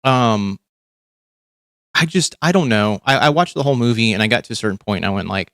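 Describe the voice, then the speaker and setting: A man's voice: on the low side, lively intonation, fast, fairly bright tone, no room sound, studio quality. A man hosting a casual reaction livestream, talking bluntly and profanely with lots of restarts. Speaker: livestream host.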